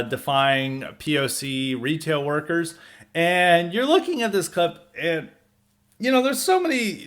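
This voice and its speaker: A man's voice: medium pitch, a bit bright. A man hosting a podcast, talking through a story in a rambling, scornful monologue full of "like" fillers. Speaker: podcast host. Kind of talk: casual commentary monologue.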